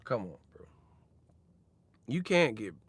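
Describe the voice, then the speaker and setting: A man's voice: mid-range voice, big pitch swings, slow, husky, no echo. A young man ranting in slang for a casual boxing vlog, swearing and laughing as he talks. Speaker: boxing commentary vlogger. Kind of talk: casual rant.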